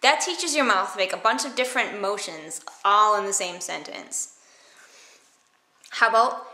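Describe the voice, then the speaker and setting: A woman's voice: mid-range voice, lively intonation, moderate pace, pushed and bright. Playful woman in an echoey room. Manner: playful, exaggerated mouth movements. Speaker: theatre teacher. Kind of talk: demonstrating vocal warmups.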